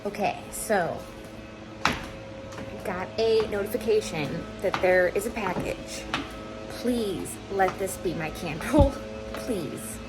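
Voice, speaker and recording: A woman chatting casually to camera in a home vlog, excitable and chatty, talking to viewers like friends. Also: mid-range voice, takes it slowly, over loud music, poor audio. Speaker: vlogger.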